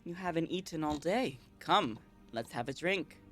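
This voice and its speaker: A woman voicing a gentle, caring male vampire companion with soft, quiet delivery. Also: low-pitched, expressive, normal speed, faint music behind. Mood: tender. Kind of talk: reading a visual novel aloud.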